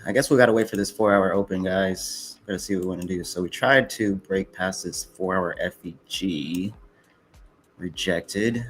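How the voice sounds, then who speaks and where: A man's voice: low voice, moderate pace, a bit bright, slight background noise. A young man hosting a casual trading livestream, laid-back, laughing easily and swearing casually. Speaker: livestream host.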